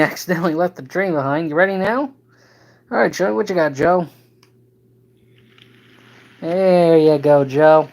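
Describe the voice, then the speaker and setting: A tired model railroad host chatting casually on a live stream, halting with many fillers and talking to the toy trains. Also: medium pitch, a little mellow, poor audio.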